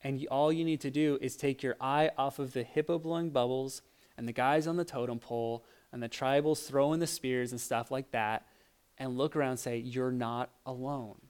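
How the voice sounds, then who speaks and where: A man giving a casual sermon, telling lively stories and acting out the voices of people in them, with frequent restarts. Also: medium pitch, fairly quick, smooth. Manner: animated storytelling, acts out voices, frequent restarts. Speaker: preacher.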